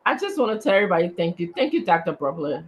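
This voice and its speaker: A woman chatting on a talk show in a lively way, laughing easily as she talks. Her voice sits fairly low for a woman, with faint ambience behind it. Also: rapid-fire, a little hiss or hum, rough recording. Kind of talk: casual talk show chat.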